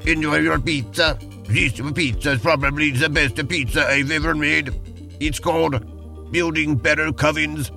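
A man's voice: a little high, steady tone, normal speed, vocal fry, pushed and bright, soft background music. A man voicing a pushy male robot pizzeria owner with a fake Italian robot accent, ending lines with "beep". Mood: friendly.

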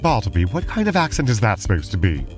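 A man's voice: fairly low pitch, huge pitch swings, fast talker, faint music behind. A man co-hosting a podcast, dry and exasperated in playful banter. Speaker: podcast co-host. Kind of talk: playful role-play banter.

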